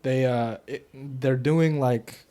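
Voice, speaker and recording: A young man co-hosting a podcast, chatting casually and profanely about a movie, getting loud when worked up. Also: mid-range voice, fairly even intonation, slow pace. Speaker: podcast co-host. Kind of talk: casual movie review chat.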